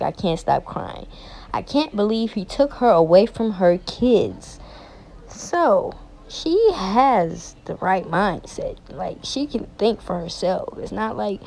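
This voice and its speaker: Woman, casual commentary, exasperated, incredulous, middle pitch. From Chicago. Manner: incredulous, exasperated, rising to sharp outbursts. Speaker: commentary channel host.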